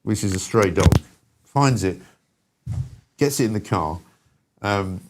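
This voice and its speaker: A man's voice: on the low side, expressive, slow, noisy background. A man hosting a talk show, telling an anecdote in a casual, chatty way and laughing at his own story. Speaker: host.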